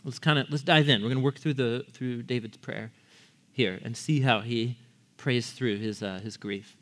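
A man's voice: medium pitch, normal speed, a bit bright. A man preaching a sermon in a conversational way, often asking his audience questions. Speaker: pastor.

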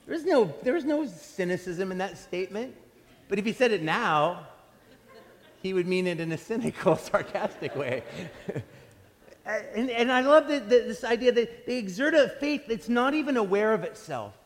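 A male pastor preaching in a slightly high voice. He tells stories in an animated way and keeps restarting his sentences. His voice rings out with a long reverb from a large church hall. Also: normal speed. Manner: animated storytelling with frequent restarts. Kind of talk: sermon.

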